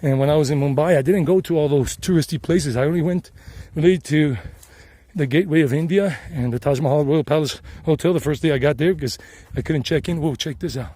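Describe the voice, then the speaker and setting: A middle-aged man from South Carolina, a travel vlogger and English teacher, rambles in a slightly high, mellow Southern voice as he walks a mountain trail, phone in hand. He's chatty, meandering, and repeats himself, sweating from the climb while speaking fairly quickly. The handheld phone recording is dry.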